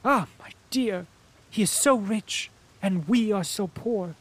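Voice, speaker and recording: A man's voice: high-pitched, takes it slowly, voice pushed up. A man reading an audiobook and voicing an anxious, scheming middle-aged mother who pleads and laments dramatically. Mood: plaintive. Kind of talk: audiobook character voice.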